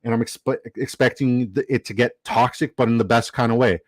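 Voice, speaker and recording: Male streamer host, chatty and rambling, average pitch, dry sound. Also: fairly even intonation, fairly quick, dry recording, rough recording. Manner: chatty and upbeat, rambling with fillers and shout-outs. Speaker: livestream host. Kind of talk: casual live-stream chat, reading viewer comments.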